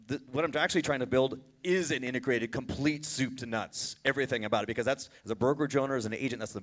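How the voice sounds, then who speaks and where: A man's voice: medium pitch, fairly bright tone. A man who owns a brokerage, speaking on a discussion panel and explaining his points emphatically. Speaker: brokerage owner.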